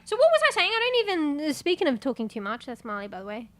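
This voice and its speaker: A woman's voice: high-pitched, sing-song, racing, a bit bright. A young woman streaming a game, chatting casually and rambling, swearing freely and laughing often. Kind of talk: casual live-stream chat.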